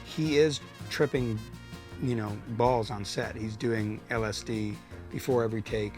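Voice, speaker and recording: Man, fairly low voice, earnest and rambling, guitar music clearly behind. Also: fairly even intonation, measured pace. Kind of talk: deadpan mock interview.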